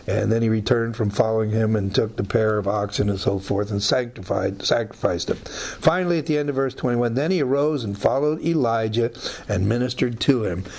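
A man's voice: lowish voice, fairly quick, a little mellow. A man teaching through a Bible passage in a conversational way, with many fillers and side remarks.

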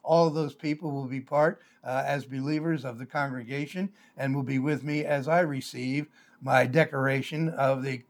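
Older pastor teaching in a measured way. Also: male voice, medium pitch, steady tone. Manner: measured, explanatory, with frequent "uh" fillers. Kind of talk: live-streamed Bible teaching.

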